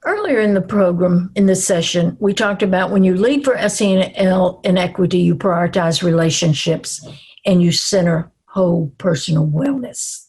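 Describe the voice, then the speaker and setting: Older Southern-accented woman, webinar presenter, slow calming cadence, slightly husky. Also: fairly low pitch. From American South. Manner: slow, calm, reassuring.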